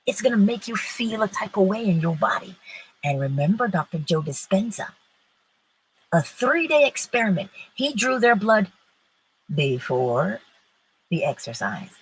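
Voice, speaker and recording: A woman's voice: mid-range voice, very animated, measured pace, a little hiss or hum, rough recording. A woman hosting a live-streamed morning inspiration talk. She mixes emphatic preaching with casual chat, answers viewers' comments and laughs often.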